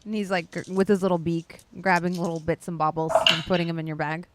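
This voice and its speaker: A woman narrating as game master of a tabletop game, chatty and relaxed, often stopping to say "like" and "um". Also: on the low side, quick pace, noisy background.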